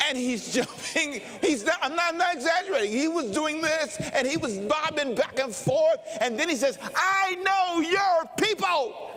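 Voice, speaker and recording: An older male pastor preaching a sermon, telling stories slowly and dramatically. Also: very high voice, animated, fairly bright tone. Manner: slow, dramatic preaching with storytelling. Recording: long reverb of a large hall.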